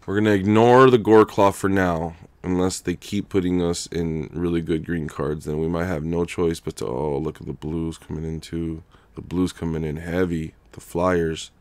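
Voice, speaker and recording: Young guy streaming a card game, lowish voice, dry close sound, slangy and chill. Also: creaky, no echo. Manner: casual, laughs loudly, slangy, reads donations aloud. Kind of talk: live-stream gameplay commentary.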